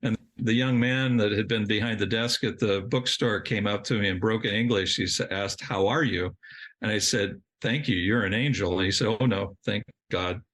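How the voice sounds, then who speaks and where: A man's voice: on the low side, moderate pace, fairly bright tone. A middle-aged man, a podcast guest, telling a long personal story in a rambling way, restarting sentences and laughing at himself. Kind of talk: storytelling in an interview.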